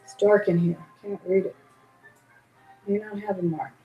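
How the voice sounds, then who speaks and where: A woman's voice: medium pitch, steady tone, normal speed, muffled recording. Chatty woman selling jewelry live. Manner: chatty, describes pieces while handling them. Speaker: auction host. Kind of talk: live-stream jewelry sale. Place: indoor room. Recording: roomy echo, faint music behind.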